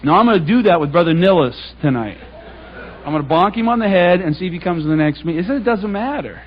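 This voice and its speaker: A man delivers a talk to a congregation in an animated, conversational way, retelling scripture in plain everyday speech. His voice sits high and sounds somewhat husky. The recording is dull and lo-fi. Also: fast talker. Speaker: public speaker.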